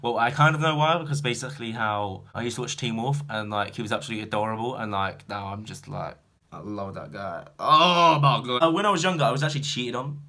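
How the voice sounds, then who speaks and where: A young British man chatting to camera as a vlogger, rambling and full of fillers, swinging from loud animated bursts to mumbled asides. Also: fairly low pitch, fast. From Britain. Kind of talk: casual chat to camera.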